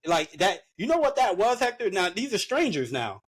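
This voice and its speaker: A man with a notably high voice talks earnestly in a casual podcast chat. He rambles and restarts his sentences as he feels his way along. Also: big pitch swings, normal speed, husky. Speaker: podcast co-host.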